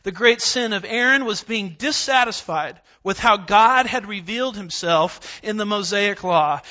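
Bright, high-voiced emphatic male preacher. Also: muffled recording. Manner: emphatic preaching with repetition and scripture references. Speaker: pastor. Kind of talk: verse-by-verse sermon. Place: church sanctuary.

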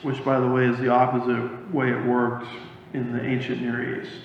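A man's voice: medium pitch, monotone, moderate pace. A man preaching in a large church hall, his voice carried through a dull, lo-fi sound system with a long, roomy reverb. He teaches emphatically and unpacks Greek terms for his listeners. A faint hum sits behind him. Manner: emphatic teaching, explains Greek words, asides to sound crew. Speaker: pastor teaching a Bible study. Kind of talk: sermon. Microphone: stage microphone with sound problems.

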